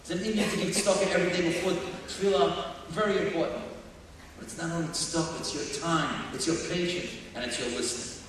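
A high-pitched man preaches with emphatic force and climbs into shouts at his peaks. He is heard from far off in a large hall with long, ringing reverb and a faint background of ambience. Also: fairly even intonation, quick pace, a little hiss or hum. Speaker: guest speaker. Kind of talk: sermon. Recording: distant echoey hall.

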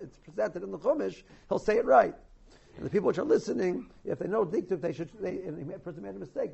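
A man giving an informal lesson on the laws of Torah reading, halting often and restarting his sentences. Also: sits high, creaky, warm tone, husky. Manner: halting, many restarts and repeated words. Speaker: Torah teacher. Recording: dull lo-fi recording.

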